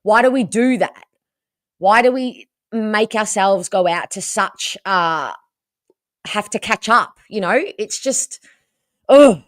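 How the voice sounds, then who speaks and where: An Australian woman hosting a casual livestream, hoarse from losing her voice and chatting with viewers about the game. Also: mid-range voice, takes it slowly, no room sound, clean studio sound. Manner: chatty and animated, reading out viewer comments. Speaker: livestream host.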